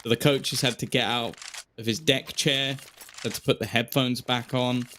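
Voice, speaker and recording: A man's voice: medium pitch, flat delivery, pushed and bright, a little hiss or hum. Chatty male esports caster. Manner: chatty, joking, quick asides. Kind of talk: play-by-play esports commentary.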